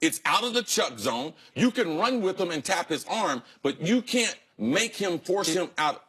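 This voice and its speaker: A man with a fairly high voice breaks down a replay step by step. He sounds insistent and instructive, and his pitch jumps around a lot. His voice has a slightly husky edge. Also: very animated, measured pace, a bit bright. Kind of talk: explaining a referee call over replay.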